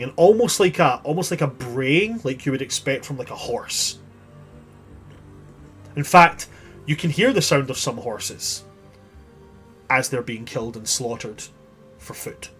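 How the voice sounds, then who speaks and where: A man running a tabletop game, describing scenes in vivid, grisly detail and often restarting mid-sentence. His voice has a middling pitch for a man, with faint music behind it. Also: a bit bright. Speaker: game master.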